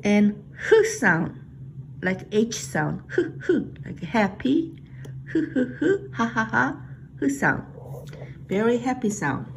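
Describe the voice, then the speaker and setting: A woman's voice: mid-range voice, vocal fry, a little hiss or hum, rough recording. A middle-aged woman from Korea with a Korean accent, teaching the Korean alphabet and patiently repeating each sound. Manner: patient, repeats sounds slowly and stresses them. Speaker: language teacher. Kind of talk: slow Korean alphabet lesson.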